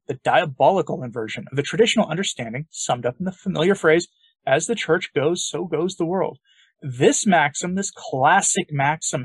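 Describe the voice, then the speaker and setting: A man's voice: on the high side, breathy edge, no room sound. A man hosting an opinion podcast, talking in an emphatic, sarcastic, argumentative way. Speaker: podcast host.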